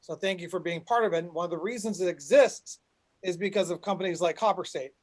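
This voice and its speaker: A man's voice: high voice, fast talker. A man hosting an online panel, talking in a rambling way with frequent restarts, over a video call. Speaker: panel host.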